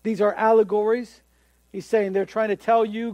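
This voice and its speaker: A pastor preaches a sermon in a high, lifted voice at a moderate pace. He's animated, mimicking the voices of people he quotes and tripping over repeated words as he gets swept up. The recording is dry and close, with no room sound or echo.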